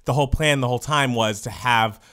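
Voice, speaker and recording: A man co-hosting a podcast in casual chat, telling gossip in an animated way and mimicking people in mocking asides. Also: medium pitch, a little fast, smooth. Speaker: podcast co-host. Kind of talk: casual pop-culture chat.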